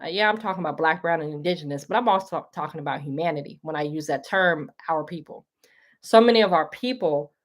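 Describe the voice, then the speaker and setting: A livestream host with a low, sharp-toned voice speaks earnestly and preachily to her audience, calling them y'all. Tearing up with emotion, she keeps it a casual spoken monologue.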